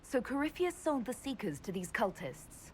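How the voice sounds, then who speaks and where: A concerned game companion. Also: female voice, fairly high pitch, very animated, normal speed, slight background noise. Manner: concerned, questioning. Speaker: game character. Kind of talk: video game dialogue.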